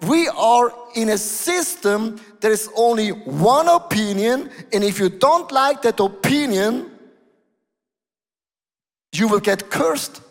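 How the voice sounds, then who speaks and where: Emphatic high-voiced male pastor in a reverberant hall. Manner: emphatic, switching between lowered tones and raised exclamations. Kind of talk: sermon. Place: church hall.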